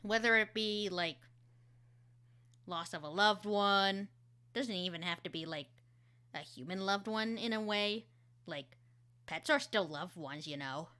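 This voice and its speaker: A woman's voice: mid-range voice, measured pace, long pauses, bright, forceful tone, clear, resonant tone. A woman voice actor streaming, chatting casually and explaining how she works, with lots of fillers.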